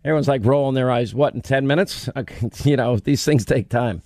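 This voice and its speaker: A man's voice: mid-range voice, brisk, a little mellow, no room sound. A male radio host bantering with his staff and callers in a brash, joking, teasing way into a studio mic. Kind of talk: casual talk radio banter.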